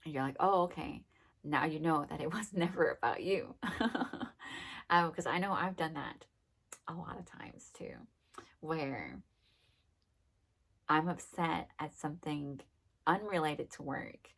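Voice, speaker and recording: Woman, low voice, chatty self-help monologue, rambling with fillers. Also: measured pace, pauses often, a bit bright, breathy edge. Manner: chatty, rambling, lots of fillers and acted-out quotes. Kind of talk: casual monologue.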